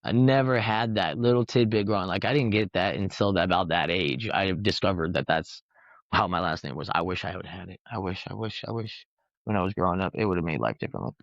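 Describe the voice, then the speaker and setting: Male podcast host, low voice, profane rambling storyteller, dull lo-fi sound. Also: fast, vocal fry, no room sound. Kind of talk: casual storytelling chat. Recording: dull lo-fi recording.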